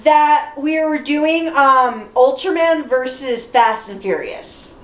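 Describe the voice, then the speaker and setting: A woman co-hosting a casual podcast chat, lively and wry. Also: high voice, slow pace, reverberant, a little hiss or hum. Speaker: podcast co-host.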